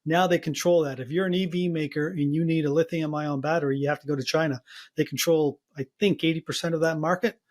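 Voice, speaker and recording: A man hosting an interview, putting measured, thoughtful questions to his guest. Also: on the high side, steady tone. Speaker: interview host.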